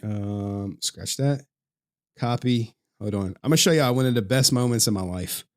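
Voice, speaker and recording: A man's voice: mid-range voice, moderate pace. A man chatting casually on a live stream, talking straight to his chat in a loose, profane way and laughing often.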